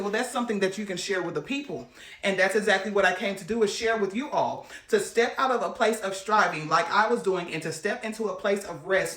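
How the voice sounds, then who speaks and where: A woman's voice: mid-range voice, fairly bright tone, roomy sound. A woman telling a heartfelt personal faith testimony to her viewers and ending in prayer. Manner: earnest, heartfelt storytelling with a closing prayer. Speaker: faith-based autism parent coach.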